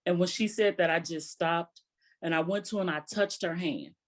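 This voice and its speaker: A woman physician answering interview questions calmly, telling stories and quoting her patients. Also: on the low side, normal speed. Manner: calm, storytelling with quoted patients.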